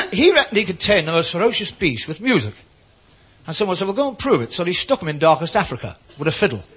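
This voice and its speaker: Give me a man telling a shaggy-dog joke live, high and very animated. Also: quick pace, husky. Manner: animated, voices characters. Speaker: stand-up comedian. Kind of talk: storytelling joke.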